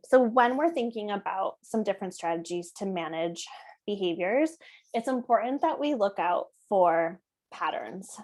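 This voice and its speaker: A woman in her thirties teaches parents in a relaxed, conversational way. She often asks "right?" to check in with her listeners. She also acts out quick bits of parent and child talk to make her points. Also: medium pitch. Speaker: parenting educator. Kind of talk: presentation to parents.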